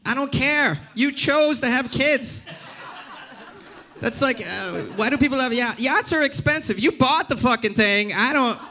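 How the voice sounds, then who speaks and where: High, bright-voiced man ranting on stage. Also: lively intonation, measured pace. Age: 30s. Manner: sarcastic, ranting, talks back to the crowd. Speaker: stand-up comedian. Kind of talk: stand-up comedy set. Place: comedy club stage.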